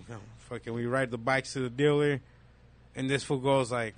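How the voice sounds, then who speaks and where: A man telling a story in casual chat, animated and profane, acting out the other voices. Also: medium pitch, fairly quick.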